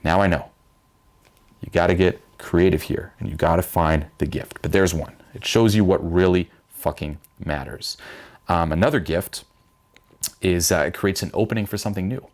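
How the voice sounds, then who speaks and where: Young guy w a super deep voice talking self-help straight to camera, swears a lot. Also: normal speed. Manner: blunt and profane, mimics panicked voices in a higher pitch. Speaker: vlogger giving life advice.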